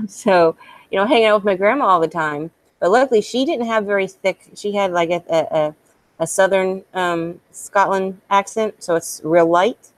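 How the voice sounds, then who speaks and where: A woman's voice: mid-range voice, normal speed, dry recording. A woman chatting casually, swearing freely and laughing often. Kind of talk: casual chat.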